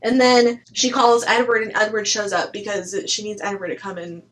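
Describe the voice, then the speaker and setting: A woman's voice: mid-range voice, moderate pace, slight background noise, poor audio. A woman chatting casually through a book review, blunt and chatty, swearing now and then and saying "like" a lot.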